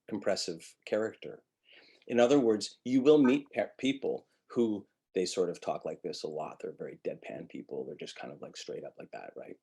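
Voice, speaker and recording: Highly melodic male acting teacher. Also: a little mellow. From Montreal. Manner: very melodic, demonstrates with vocal sounds. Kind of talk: webinar lecture.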